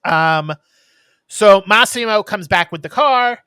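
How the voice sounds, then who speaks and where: A man with a bright, forward voice recaps a film for his podcast co-host. He rambles along with frequent ums. The sound is dry and close. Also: high-pitched, expressive, slow, clean tone, no room sound. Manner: rambling storyteller with many ums. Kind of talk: casual chat, retelling a movie plot.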